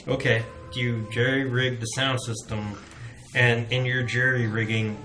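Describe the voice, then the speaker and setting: A man's voice: medium pitch, flat delivery, a little slow, sharp tone, soft background music. A man narrating as game master in a tabletop game, talking in a casual, joking way with lots of fillers.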